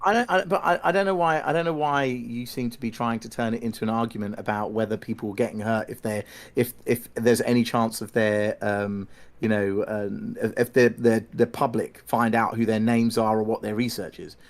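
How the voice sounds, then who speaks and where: A man, debating in a measured, firm way with hesitant restarts. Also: lowish voice, fairly even intonation. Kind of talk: heated debate.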